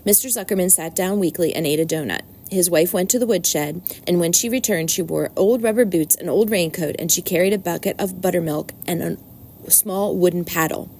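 A woman's voice: on the low side, normal speed, darkish tone, a little hiss or hum. Woman reading a storybook aloud.

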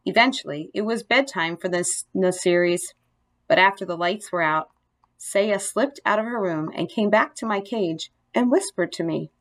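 A woman narrating a children's storybook in a gentle, expressive read-aloud manner. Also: medium pitch, normal speed.

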